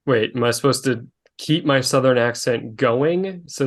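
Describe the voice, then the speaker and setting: A man in his twenties, co-hosting a podcast with quick sarcastic quips. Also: mid-range voice. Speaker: podcast co-host. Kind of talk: casual podcast banter.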